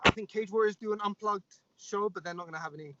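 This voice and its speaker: A young man from the UK in his twenties, speaking as an interview guest in a relaxed way with lots of "like"s. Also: high voice, fast talker, muffled recording, very noisy. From United Kingdom. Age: 20s. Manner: relaxed, rambling with many "like"s. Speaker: guest fighter. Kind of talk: casual interview chat.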